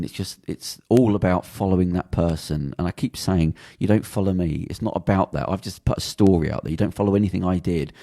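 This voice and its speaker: A man's voice: low voice, warm tone. A man with a British accent, talking bluntly and swearing a lot as he rambles through a casual podcast chat. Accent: British English. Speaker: podcast host.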